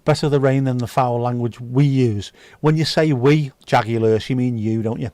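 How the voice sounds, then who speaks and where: A man's voice: mid-range voice, steady tone, normal speed, mellow, dry recording. A man hosting a livestream, reading viewer comments aloud with sweary, jokey banter. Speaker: livestream host. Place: indoors.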